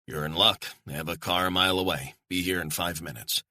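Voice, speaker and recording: A man's voice: low-pitched, steady tone, a little fast, bright, forceful tone, no echo, studio quality. A man with an American accent narrating an audiobook, voicing a terse, guarded male operative.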